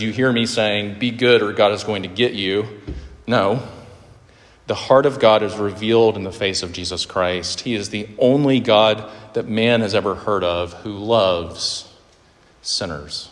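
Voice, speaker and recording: A man preaching a sermon in an earnest, conversational way, with fillers and restarts. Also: on the low side. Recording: hall reverb with faint ambience.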